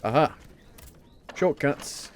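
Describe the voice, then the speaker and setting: A man's voice: drawn-out words, slight background noise. Guy chatting away over his gameplay, jokey, talks to himself a lot. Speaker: gameplay streamer. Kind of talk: casual live commentary over gameplay.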